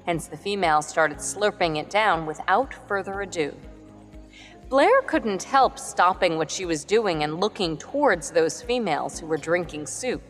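A woman reading a storybook narration in a calm, measured way. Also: on the low side. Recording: long reverb with background music.

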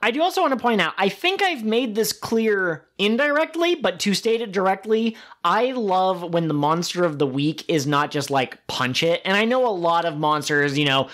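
A man's voice: high-pitched, animated, moderate pace, few pauses, a bit bright. A man co-hosting a podcast, enthusiastically recapping an episode and acting out quoted lines. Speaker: podcast co-host. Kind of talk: casual chat.

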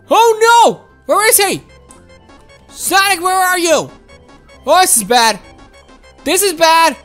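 A woman giving excited, exclaiming commentary while playing a video game and talking to her viewers. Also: very high-pitched. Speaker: gaming video host.

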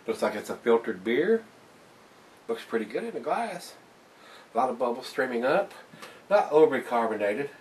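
A man's voice: mid-range voice, very animated, normal speed, long pauses, a little mellow, recorded from a distance, slight background noise. A man giving a casual, folksy beer review to camera, chatting to viewers as guys. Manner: folksy, laid-back, keeps calling viewers "guys".

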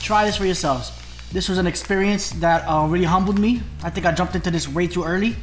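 A man's voice: high-pitched, fairly quick, faint music behind. A man vlogging a spicy food challenge in a casual way, groaning and exclaiming between bites. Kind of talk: casual mukbang vlog.

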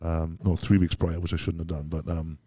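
A man's voice: low voice, level tone, fairly quick, warm tone, dry recording, studio quality. A Welsh man telling rambling, self-doubting stories as a guest in a casual interview, swearing bluntly. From Wales. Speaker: podcast guest.

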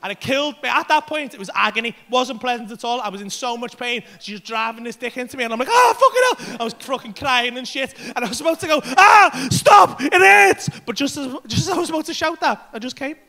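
A man doing crude, animated stand-up comedy on a comedy club stage into a handheld mic, with shouted bursts. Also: very high-pitched, fast talker, hardly any pauses.

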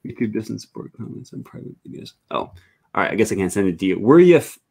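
A man's voice: fairly low pitch, steady tone, fast talker, gravelly, husky. A male host of a live stream, rambling with many fillers as he reads viewer comments aloud on a video call.

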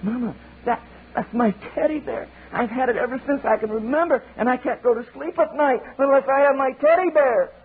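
A man voicing a whiny, frightened young male eaglet, pleading in a high childlike wail on an old sermon tape. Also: brisk, few pauses. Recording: tinny lo-fi sermon tape with hiss.

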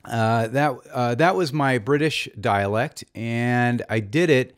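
Deadpan male comedy host, mid-pitched, rambling and hesitant, mock-sincere. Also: slow. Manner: rambling, full of fillers and restarts, deadpan. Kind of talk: mock-earnest comedy monologue.

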